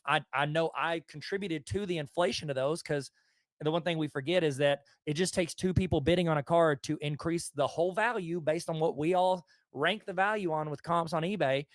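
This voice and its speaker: Man, Southern US accent, host, enthusiastic storyteller, high-ish voice, dry close sound. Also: moderate pace, dry recording. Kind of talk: casual conversation.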